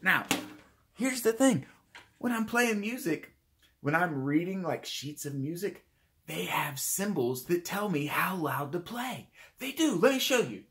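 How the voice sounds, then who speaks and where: A man's voice: high-pitched, lively intonation, a little slow, fairly bright tone. A man teaching a children's music lesson in a playful way, speaking straight to the kids and imitating animal sounds.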